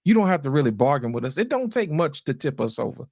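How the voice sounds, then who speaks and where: A man hosts a casual panel talk in a gravelly, fry-laden voice. He sounds animated and keeps turning to his guests. His sound is close and dry. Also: mid-range voice, quick pace, no echo. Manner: animated, calls on guests, frequent "you know what I'm saying". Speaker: host of a discussion panel.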